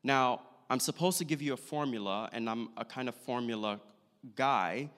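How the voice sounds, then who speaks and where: Pastor preaching in a reverberant hall. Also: male voice, mid-range voice, a bit bright. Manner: measured preaching with slow, deliberate emphasis. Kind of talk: sermon.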